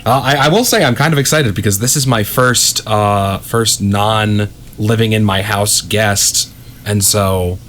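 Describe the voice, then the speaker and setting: A man's voice: on the low side, unhurried, fairly bright tone, slight background noise. A man hosting a casual podcast, friendly and a bit wordy as he talks with his guest. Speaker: podcast host.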